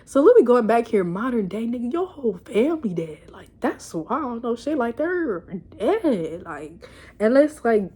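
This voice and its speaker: A young woman giving a casual, animated recap of a TV episode, laughing and cursing as she tells it. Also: on the high side, measured pace. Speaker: show reviewer. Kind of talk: casual chat video review.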